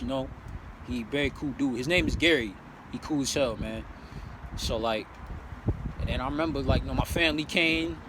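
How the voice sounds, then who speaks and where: A young man tells his life story in a loose, animated way, full of swearing and fillers, with a slightly high voice. He is recorded outdoors in a city, with traffic and street noise clearly audible behind him. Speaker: vlogger. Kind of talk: casual storytelling.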